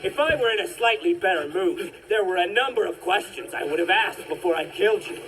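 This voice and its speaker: A man's voice: sits high, animated, a little fast, fairly bright tone, poor audio. An actor voicing a cruel, sneering young male esper in an English anime dub, mocking and taunting with bursts of manic laughter. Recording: anime audio with music behind.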